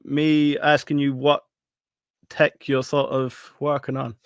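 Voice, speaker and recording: A man's voice: mid-range voice, little pitch movement, slow, smooth, no echo, studio quality. A man hosting a casual online audio chat, friendly as he reads out the chat. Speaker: host. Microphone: online audio call.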